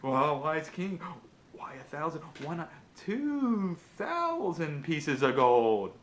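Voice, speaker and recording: A man voicing a slow, coaxing magic lamp. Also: on the high side, wildly swooping pitch, pitched above the performer's own voice, heavily acted. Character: sly, smooth-talking magic lamp.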